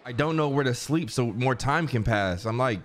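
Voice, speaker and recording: A man's voice: mid-range voice, animated, moderate pace, faint music behind. A young man streaming a video game, chatting casually and full of slang while he reads the game's dialogue aloud. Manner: slangy, rambling, says bro constantly. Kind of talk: casual gameplay commentary.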